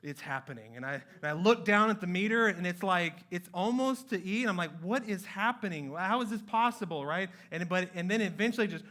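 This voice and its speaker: A man preaching a sermon in a church, telling a story in a lively way and acting out his own past words. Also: sits high, a little fast, few pauses. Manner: animated storytelling with acted-out quotes. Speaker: pastor. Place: church sanctuary.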